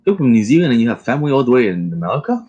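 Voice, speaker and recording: A man's voice: medium pitch, sing-song, racing, dark tone, breathy edge, dull audio, soft background music. A man playing a tabletop game, making blunt, wry remarks.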